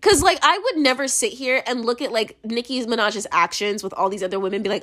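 A young American woman talks through her opinions in a loose, rambling monologue. Her voice sits high and swings widely up and down. She is blunt, swears freely and fills her sentences with "like". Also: lively intonation, a little fast, hardly any pauses, pushed and bright. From United States. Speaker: commentator.

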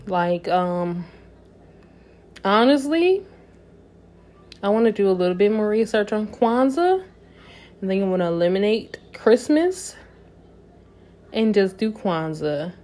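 A young woman talking to camera in a casual personal monologue, swinging between soft musing and loud, emphatic outbursts. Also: mid-range voice, very animated, slow pace, pauses often.

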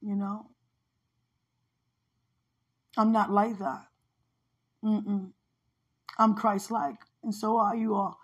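A woman's voice: mid-range voice, level tone, slow pace, long pauses, breathy edge. A woman minister sharing a personal spiritual testimony in a heartfelt, conversational way, often repeating phrases for emphasis.

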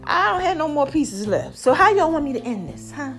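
A woman giving an animated faith-based pep talk to her viewers, preachy and chatty, calling them y'all. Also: sits high, a little fast, vocal fry, soft background music. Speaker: vlogger.

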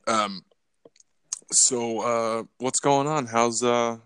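A man's voice: medium pitch, steady tone, extremely slow, fairly bright tone, smooth, no echo, clean studio sound. A man co-hosting a podcast in casual chat, laid-back and joking, swearing now and then. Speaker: podcast co-host.

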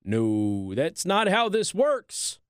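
A man hosting a talk show, delivering a sarcastic, animated political commentary monologue. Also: high-pitched, moderate pace, dry recording, clean studio sound.

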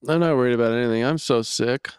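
A man co-hosting a comedy podcast while sick with a cold, making sarcastic deadpan jokes. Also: mid-range voice, fast talker, smooth, no room sound, clean studio sound. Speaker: podcast co-host, property manager. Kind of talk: casual comedy podcast chat. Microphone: studio podcast mic.

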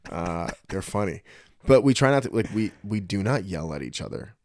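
A middle-aged man co-hosting a podcast, telling blunt, animated stories with swearing in casual chat. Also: fairly low pitch, moderate pace, no echo, studio quality. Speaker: podcast co-host.

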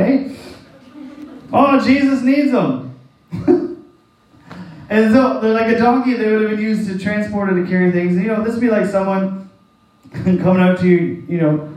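Preaching a conversational sermon, a man with a high-pitched, slightly mellow voice sounds folksy, chuckles often, and acts out the voices he quotes. He's far from the mic in a very echoey room.

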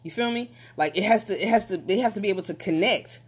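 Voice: mid-range voice, fast talker, slightly rough. Emphatic motivational talker, casual monologue. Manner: emphatic, repetitive, rising to passionate pushes.

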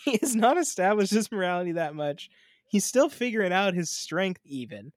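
A man co-hosting a podcast in casual chat, quick, opinionated and profane. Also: high-pitched, very animated, no room sound, studio quality. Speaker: podcast co-host.

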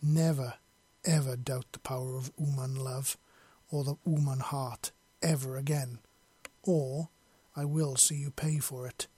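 A man voicing a menacing, powerful mother figure in a storybook reading, delivering a slow, grave warning. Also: medium pitch, fairly even intonation, dark tone, breathy edge, no echo.

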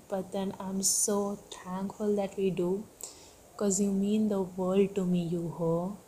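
Slow, teasing woman in her twenties. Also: medium pitch, a little mellow, a little hiss or hum. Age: 20s. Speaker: best friend leaving a birthday message. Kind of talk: recorded birthday voice message.

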